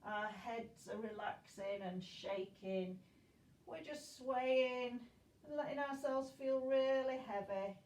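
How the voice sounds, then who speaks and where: High, slow-spoken woman teaching kids yoga. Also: a little mellow, reverberant, far from the mic, poor audio. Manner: encouraging, playful, makes animal noises. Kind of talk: guided children's yoga class.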